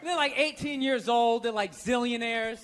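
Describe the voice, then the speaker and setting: A man's voice: very high-pitched, normal speed. A man from the United States doing a stand-up routine, sarcastic and profane, with mock glee at others' bad luck. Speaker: stand-up comedian. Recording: live set, loud crowd noise.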